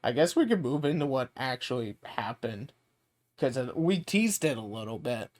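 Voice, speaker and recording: A man's voice: mid-range voice, sing-song, normal speed. A man hosting a podcast, chatting casually and laughing often. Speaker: podcast host. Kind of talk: casual chat.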